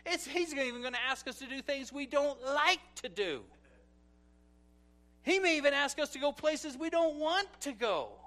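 A middle-aged male pastor preaching a sermon, swinging from loud exclamations to hushed asides as he tells stories and acts out quotes. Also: very high-pitched, big pitch swings, moderate pace.

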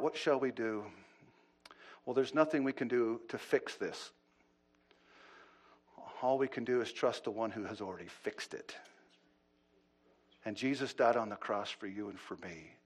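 A man preaching a sermon. His delivery swings between loud, urgent pleading and low, hushed asides, and he often repeats words as he restarts a thought. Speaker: pastor.

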